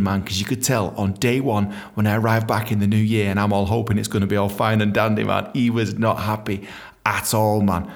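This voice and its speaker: A young man hosting a podcast, telling a story in an animated, swearing way and acting out other people's voices. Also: on the low side. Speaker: podcast host. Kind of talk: casual storytelling.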